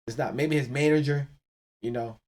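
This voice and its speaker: A man hosting a solo podcast, ranting in an animated, profane way and laughing often. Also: medium pitch, normal speed, slight background noise. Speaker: podcast host.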